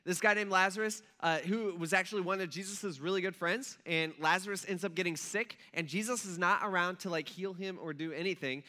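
A man's voice: high-pitched, a little fast, hardly any pauses, pushed and bright. A man preaching a casual sermon, talking conversationally, asking the audience questions and acting out stories. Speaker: pastor.

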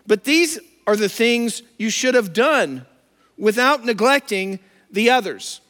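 A man's voice: very high-pitched, expressive, takes it slowly, a bit bright, long reverb tail. A man giving a conversational sermon, explaining and paraphrasing scripture in plain everyday words. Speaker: preacher. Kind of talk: sermon, Bible teaching.

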